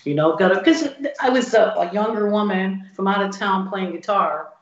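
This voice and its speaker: A woman's voice: mid-range voice, normal speed. A woman blues guitarist telling stories in an interview, acting out the people she quotes. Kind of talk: casual storytelling interview. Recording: roomy, dull lo-fi sound.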